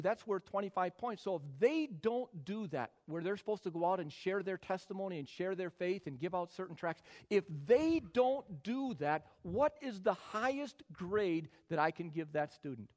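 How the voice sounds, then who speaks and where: Man preaching, rising to loud emphasis. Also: sits high. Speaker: pastor. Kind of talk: sermon.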